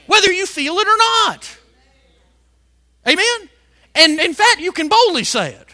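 High, bright-voiced fiery male preacher. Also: sing-song. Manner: fiery, shouting emphasis with big swings in loudness; drawn-out stretched words for emphasis. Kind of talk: sermon.

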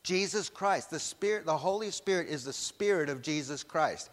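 A man's voice: on the high side, animated, moderate pace. A man preaching a sermon, emphatic, putting questions to the congregation and waiting for their answers. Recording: long hall reverb.

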